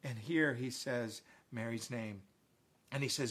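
A man's voice: medium pitch, measured pace, a bit bright. A man preaching an online sermon, making earnest, repetitive, heartfelt appeals to his listeners.

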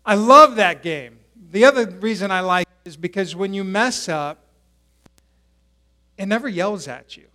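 A man's voice: high-pitched, lively intonation, unhurried, sharp tone. A male pastor preaching a sermon at a church service in a conversational way, asking the congregation questions.

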